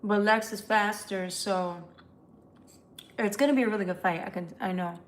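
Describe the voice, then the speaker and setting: A woman's voice: mid-range voice, moderate pace, slight background noise. Chatty, profane woman live-streaming. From United States. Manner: loose, profane, chatty, reads comments aloud. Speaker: tarot reader live-streaming to viewers. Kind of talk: casual live-stream chat.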